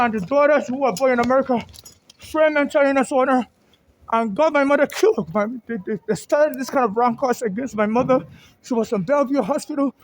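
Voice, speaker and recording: Very high voice, agitated and repetitive, phone recording in a ferry terminal. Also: slight background noise. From Nigeria. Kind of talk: filming a confrontation, then a rambling monologue. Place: indoor public ferry terminal.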